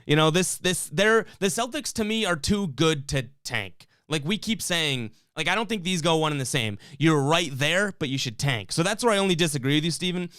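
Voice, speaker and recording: A man's voice: a little high, expressive, normal speed, few pauses, fairly bright tone, clean tone, no room sound, clean studio sound. A man hosting a live sports fan stream, reading chat comments and ranting in a fired-up, rambling way with lots of restarts.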